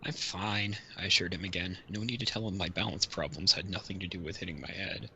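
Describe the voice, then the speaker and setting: Bright-voiced man reading aloud casually. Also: low-pitched, steady tone, fairly quick, gravelly, poor audio. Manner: reads chat comments aloud, dry jokes. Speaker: reader and host. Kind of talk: casual group reading with commentary. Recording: faint background noise.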